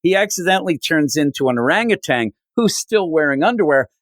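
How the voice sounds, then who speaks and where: A man hosting a casual comics podcast, telling a story with a lively, swooping pitch. His voice sits a bit higher than most men's and is recorded close and dry. He keeps slipping into quoted lines as he recaps. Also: a little fast, dry recording. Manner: animated storytelling, acting out quotes. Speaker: podcast host.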